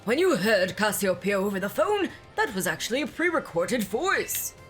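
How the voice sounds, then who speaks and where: A woman's voice: medium pitch, sing-song, moderate pace, a bit bright, faint music behind. A woman hamming up a grandiose male school director. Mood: theatrical. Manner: hammy, grandiose dramatic reading. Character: theatrical male academy director villain. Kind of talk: reading game dialogue aloud.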